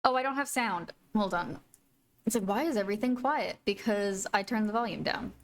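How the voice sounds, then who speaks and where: A woman's voice: medium pitch, normal speed. A woman live-streaming a video game, chatting casually with viewers and gushing over her pets. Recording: faint music behind.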